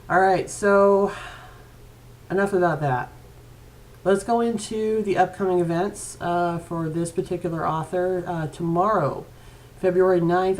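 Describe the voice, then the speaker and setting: A woman's voice: on the low side, a little mellow. A woman author chatting casually at home to viewers of her weekly video blog, with many hesitant fillers. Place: at home with her cat nearby.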